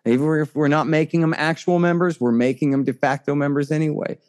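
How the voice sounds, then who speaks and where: A man giving conversational political commentary as an interview guest, emphatic and restarting often, his pitch climbing sharply when he gets indignant. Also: fairly even intonation, fast, darkish tone, smooth.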